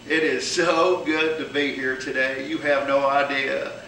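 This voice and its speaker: A man's voice: medium pitch, little pitch movement, a little slow, vocal fry, bright, forceful tone, a little hiss or hum. A man doing an impression of a former president, rambling through a folksy speech. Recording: echoey room from far off.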